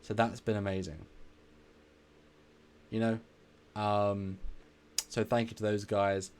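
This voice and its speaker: Rambling live stream host. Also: male voice, on the low side, little pitch movement, slow, a little mellow, a little hiss or hum. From England. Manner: rambling, effusive, repeats himself. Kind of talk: casual live stream chat.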